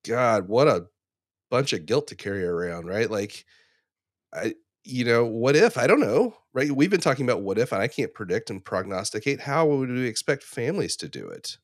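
An ICU clinician in his forties co-hosts a podcast, reflecting on a medical dilemma in a casual professional chat. He tells it as a story, with plenty of fillers and restarts. His voice is medium-pitched at a normal speed, recorded in clean studio sound with no echo.

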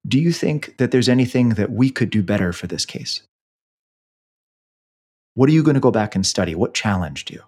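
A man's voice: on the low side, lively intonation, moderate pace, pauses often, darkish tone. A man, an emergency physician, teaching in casual conversation and telling stories animatedly with many fillers.

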